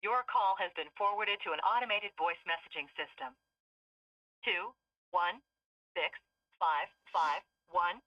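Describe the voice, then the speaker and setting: A woman's voice: fairly low pitch, a little slow, pauses often, no echo. Automated woman's voice on a distant phone line. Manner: flat, formal, clipped. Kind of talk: recorded phone prompt.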